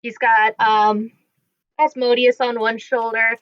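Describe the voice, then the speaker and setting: A woman's voice: on the high side, level tone, slow, no echo, faint music behind. A woman running a tabletop game as game master, narrating casually with many fillers. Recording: dry, dull lo-fi mic.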